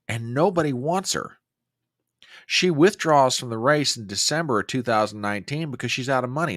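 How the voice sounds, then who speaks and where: This is the host of a conservative political podcast, a man with a mid-range voice recorded in clean studio quality with no room sound. He delivers emphatic, opinionated commentary, animated and often restarting his sentences.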